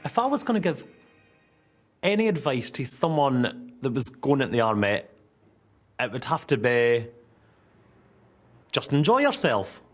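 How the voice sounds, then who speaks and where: An actor with a Scottish accent playing a wry, deadpan young soldier in a comedy series. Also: male voice, medium pitch, a little slow, long pauses, soft background music. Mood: musing. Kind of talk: sitcom acting.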